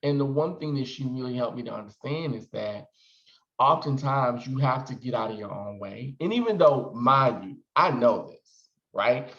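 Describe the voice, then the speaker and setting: A man's voice: mid-range voice, moderate pace, muffled recording. Chatty man in his forties, roomy sound. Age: 40s. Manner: chatty, expressive, calls viewers "honey". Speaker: vlogger. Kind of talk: casual chat to camera.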